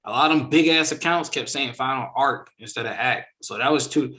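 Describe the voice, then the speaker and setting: A male host runs a casual reaction discussion at medium pitch and a brisk pace. He's animated and emphatic, acting out the quotes he brings up.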